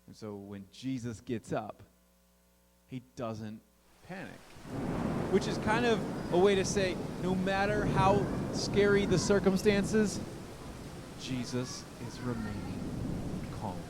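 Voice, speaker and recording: A man preaching a youth sermon, telling a story with big swings in pitch and volume. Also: animated, takes it slowly, long pauses, big-room sound, very noisy. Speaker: youth pastor.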